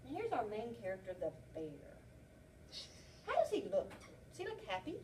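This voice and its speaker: A woman's voice: mid-range voice, wildly swooping pitch, moderate pace, background noise. A woman kindergarten teacher leading an interactive read-aloud, prompting children with frequent questions, recorded by a far camera in a classroom.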